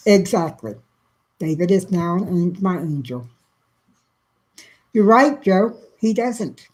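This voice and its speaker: Woman, middle-aged, slightly low pitch, casual livestream chat, soft and emotional, greets viewers by name. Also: lively intonation, slow, long pauses, poor audio. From South Central Texas. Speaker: livestream host.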